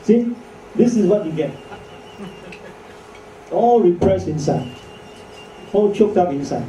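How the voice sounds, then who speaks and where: A man's voice: sits high, expressive, slow, dark tone, dull audio. A man giving a chatty medical lecture to doctors, joking and asking rhetorical questions. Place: lecture hall. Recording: echoey hall from far off, faint noise.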